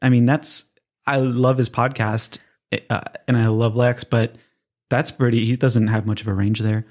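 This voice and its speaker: A man's voice: mid-range voice, little pitch movement, moderate pace, a little mellow. A man hosting a podcast, chatting casually in a rambling, self-correcting way. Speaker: podcast host. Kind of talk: casual interview chat.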